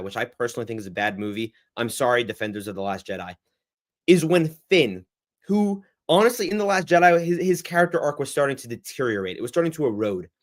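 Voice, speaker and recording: A young man hosting a casual livestream Q&A, rambling and reacting to the chat in a lively, chatty way. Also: fairly high pitch. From United States. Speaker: livestream host.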